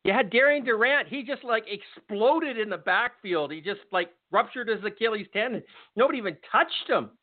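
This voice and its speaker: A man's football podcast rant is bitter, sarcastic and full of curses, voiced high with lively intonation at a moderate clip. The sound is tinny like a phone line, with no room sound.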